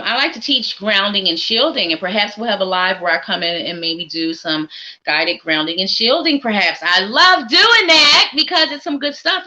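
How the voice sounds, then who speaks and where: A woman's voice: fairly high pitch, sharp tone, rough recording. A woman hosting a live psychic reading stream, talking in an upbeat, encouraging, chatty way. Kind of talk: casual live-stream chat.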